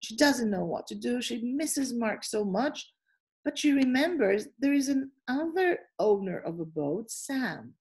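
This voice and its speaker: A woman teacher trainer leading an online webinar over a video call, giving lively, encouraging instructions. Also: a little high, measured pace.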